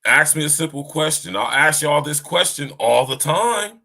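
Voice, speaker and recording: A man hosts a podcast alone and talks to his listeners in a loose, conversational monologue about faith. His voice is bright and forward. He checks in with "right?" again and again, and he repeats himself and restarts his sentences as he goes. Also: a little high, animated, normal speed. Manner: talks to listeners directly, often asks "right?"; restarts and repeats himself while searching for words. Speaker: podcast host. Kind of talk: casual spiritual monologue.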